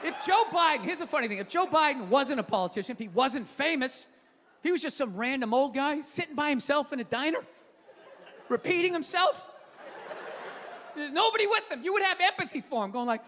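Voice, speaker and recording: A man's voice: extremely high pitch, animated, a little fast, fairly bright tone. A man doing a profane, sarcastic stand-up comedy set in front of a live audience. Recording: live stand-up recording with crowd and noise.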